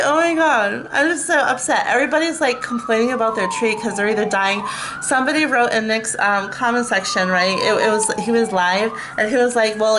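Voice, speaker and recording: Woman vlogger, fed-up profane rant, a touch high-pitched, faint hiss behind. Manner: exasperated, profane ranting with frequent fillers; breaks into laughter at herself. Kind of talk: casual rant to camera.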